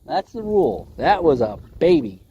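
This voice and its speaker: A man's voice: a little high, big pitch swings, moderate pace, muffled recording. A man hosting a fishing livestream from a windy lake, chatting casually and joking with his viewers, laughing often.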